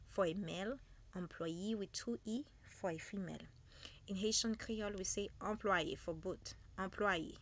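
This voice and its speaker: A woman giving a vocabulary lesson, slowly repeating each word as she switches between languages. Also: medium pitch. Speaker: language teacher.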